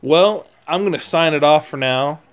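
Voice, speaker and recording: A man hosting a podcast, commentating casually over a golf broadcast, excitable and repeating his exclamations. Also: on the high side, normal speed. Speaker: podcast host.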